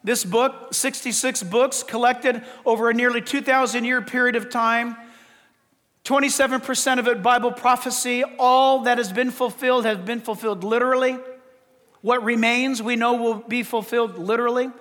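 A man's voice: very high-pitched, steady tone, moderate pace, a bit bright, in a large hall. A man preaching a sermon as pastor, building to impassioned emphasis. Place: church sanctuary.

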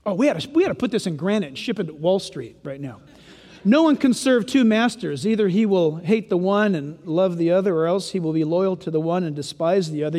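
A man preaching a sermon as pastor, animated and humorous, with playful asides between scripture readings. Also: fairly high pitch. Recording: long echo of a large hall.

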